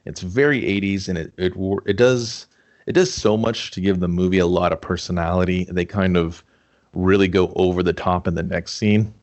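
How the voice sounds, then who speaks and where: A man's voice: low voice, normal speed, darkish tone. A young man co-hosting a podcast, recapping a movie in casual, profane chat and acting out lines. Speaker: podcast co-host.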